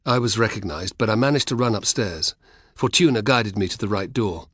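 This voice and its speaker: A man doing a nervous young Roman who talks his way out of trouble, sheepish and hurried, in a low, husky voice with a dry close sound. This audiobook reading keeps him plain and earnest. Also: fairly bright tone, no room sound. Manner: sheepish, explaining.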